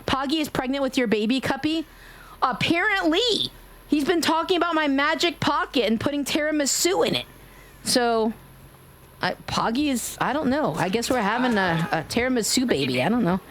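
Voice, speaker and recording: There's slight background noise as a woman with a high, animated voice speaks at normal speed. A streamer from Brooklyn with a faded New York accent, she chats casually while playing a game, giggling, joking around, and swearing freely.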